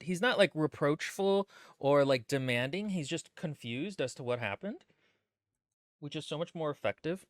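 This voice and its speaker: A man co-hosting a casual book-club podcast stream, talking in quick, joking asides. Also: a little high, animated, dry recording, studio quality. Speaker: podcast co-host.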